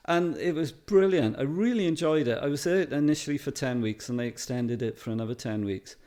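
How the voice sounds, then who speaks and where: A man's voice: mid-range voice, fairly quick, few pauses. A middle-aged Welsh man, interviewed, telling casual stories and acting out the people he quotes. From Wales. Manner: lively anecdotes, mimics others in quotes. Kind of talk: casual storytelling.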